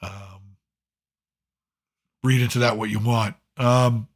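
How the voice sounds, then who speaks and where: A man's voice: mid-range voice, fairly even intonation, takes it slowly. A middle-aged man with a Boston accent, hosting a live stream in a rambling, sardonic casual monologue full of restarts. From Boston, Massachusetts.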